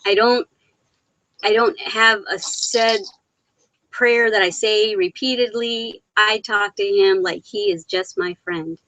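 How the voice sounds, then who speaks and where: On a low-quality laptop-mic recording with no echo, a middle-aged woman hosts a casual live Q&A from home, reading viewer comments. She laughs often between sentences and sounds teary, almost crying, though her mid-range, fairly bright voice stays steady and slow.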